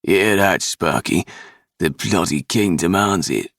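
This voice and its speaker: A man's voice: low-pitched, takes it slowly, gravelly, fairly bright tone, no echo, studio quality, exaggerated voice. A man playing a coarse snarling thug. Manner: harsh and snarling. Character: rough coarse male kidnapper.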